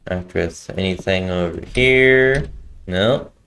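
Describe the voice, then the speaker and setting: A man's voice: low voice, unhurried, fairly bright tone, slight background noise. A man casually commenting while playing a horror game, muttering jokey reactions as he explores. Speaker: gaming video host. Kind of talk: casual let's-play commentary.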